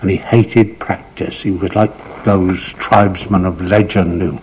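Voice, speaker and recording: A man's voice: low voice, fairly even intonation, measured pace, a little mellow, slight background noise, rough recording. An older man recalling cricket memories in a vivid, dramatic storytelling manner, lingering on words for emphasis. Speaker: cricket raconteur. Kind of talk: anecdotal reminiscence.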